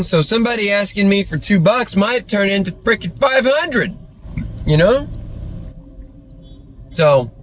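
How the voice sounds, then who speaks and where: A man's voice: high voice, slight background noise. A man telling stories in a casual, rambling way, full of slang like "dude" and "freaking". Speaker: streamer.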